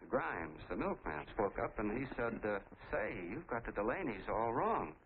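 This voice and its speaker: A folksy small-town soda jerk. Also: male voice, sits low. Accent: American. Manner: folksy rambling storyteller. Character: small-town soda jerk, eager talkative middle-aged man. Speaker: soda jerk telling his story. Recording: tinny lo-fi 1940s film soundtrack with faint hiss.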